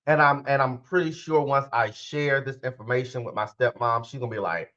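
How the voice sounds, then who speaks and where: A man's voice: medium pitch, a little fast, pushed and bright, muffled recording. A man hosting his own podcast in a casual, rambling way, talking straight to his listeners and often correcting himself. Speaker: podcast host and spiritual life coach. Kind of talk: casual solo podcast talk.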